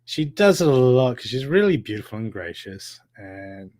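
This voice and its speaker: A man's voice: medium pitch, big pitch swings, normal speed, a little mellow. A man doing live tarot card readings, talking in a casual, encouraging way and repeating himself as he gives pep talks. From Australia.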